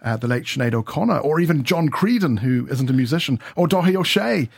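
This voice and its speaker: A man's voice: on the high side, lively intonation, quick pace, gravelly, husky. Male reporter on a radio panel, playful, lists things with a grin. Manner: jokey, rattling off lists. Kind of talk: casual chat on a radio panel.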